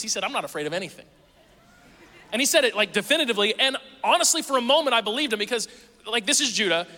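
In a church auditorium with long reverb, a pastor in his thirties preaches in a high, bright voice. His storytelling style is conversational with animated quoting, drifting from casual family tales into earnest teaching.

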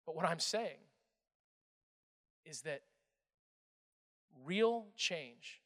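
A young man preaching a sermon, telling a story with energy and swinging between loud and hushed delivery. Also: a little high, lively intonation, drawn-out words. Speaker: pastor. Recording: echoey hall.

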